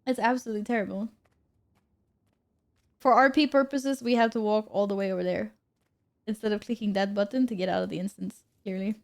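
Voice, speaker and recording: A woman's voice: medium pitch, steady tone, brisk, pauses often. A woman streamer chatting casually and giggling with her chat as she plays. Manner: bubbly, giggly, talks to chat. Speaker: game streamer.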